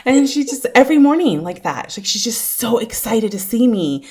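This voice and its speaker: A woman's voice: a little high, big pitch swings, brisk, breathy edge. A woman in her thirties hosting a podcast, telling stories in a casual chat and laughing often. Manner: warm storytelling, laughs often. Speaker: podcast host.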